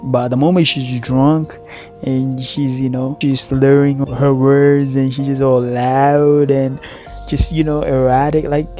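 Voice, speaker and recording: Mellow, flat-voiced man giving blunt commentary. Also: mid-range voice, takes it slowly, soft background music. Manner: blunt, laid-back, matter-of-fact. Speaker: commentary host. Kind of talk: casual reaction commentary.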